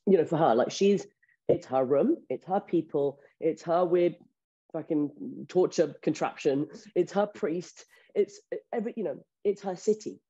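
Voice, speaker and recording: A woman actress being interviewed in casual chat, candid and quick, swearing now and then. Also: low voice, mellow, breathy edge. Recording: dull lo-fi audio.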